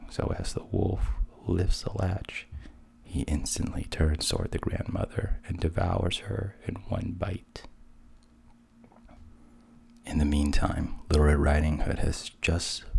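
A man casually retelling a fairy tale in a relaxed, conversational way, with asides. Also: very deep voice, unhurried, vocal fry, slight background noise. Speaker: storyteller.

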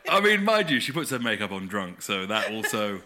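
A man's voice: lowish voice, big pitch swings, brisk, pushed and bright. A man hosting a podcast, chatting in a playful, rambling and theatrical way. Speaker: podcast host. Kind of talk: casual chat.

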